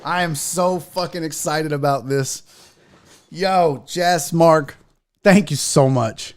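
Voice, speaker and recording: A woman hosting a casual online show, talking straight to viewers as she unboxes a gift, excitable and swearing freely. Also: low voice, takes it slowly. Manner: excitable and heavily profane; talks straight to the audience. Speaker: sports show host.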